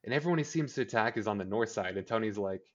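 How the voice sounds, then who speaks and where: Podcast co-host, male, lowish voice, chatty and sarcastic, dull lo-fi sound. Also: expressive. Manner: chatty, sarcastic, acts out characters' lines in quick impressions. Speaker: podcast co-host recapping a TV episode. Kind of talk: casual chat.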